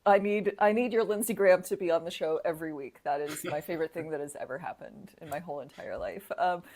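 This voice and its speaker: A woman co-hosts a casual comedy podcast about the news. Her voice sits a little on the low side, and she talks in a sarcastic, animated way, laughing often. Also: fast talker. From United States. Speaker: podcast co-host. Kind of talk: casual political comedy chat.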